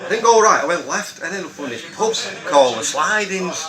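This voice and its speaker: A man's voice: high-pitched, expressive, brisk. A man doing an impression of a cocky, swaggering male rock star, bantering bluntly in a pub. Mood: laddish banter. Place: busy pub. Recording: loud pub crowd behind.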